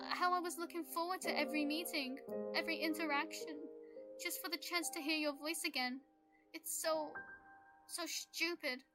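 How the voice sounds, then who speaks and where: A woman's voice: fairly high pitch, lightly acted. A woman voicing a drunk, tearful, lovesick TV-headed man whose speech is slurred and choked up. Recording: game music behind.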